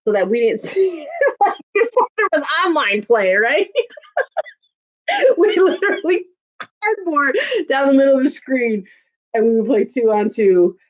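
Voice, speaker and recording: Reading viewer comments in a casual livestream chat, this Chicago woman laughs frequently and fills her speech with filler words. Her high voice swings widely in pitch, moving a little slowly with frequent pauses, over lo-fi audio.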